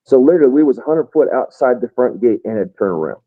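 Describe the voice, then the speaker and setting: Speaking fast and expressively in a mid-range voice, a retired American first sergeant reels off casual army anecdotes. He's a rambling storyteller who acts out what other soldiers said, and the recording has a tinny, phone-like quality.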